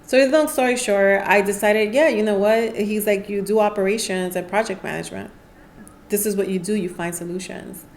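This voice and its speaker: Animated woman telling a story. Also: mid-range voice, moderate pace. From New York City. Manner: animated storyteller, acts out quoted voices. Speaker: podcast guest, nonprofit founder. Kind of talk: casual interview storytelling.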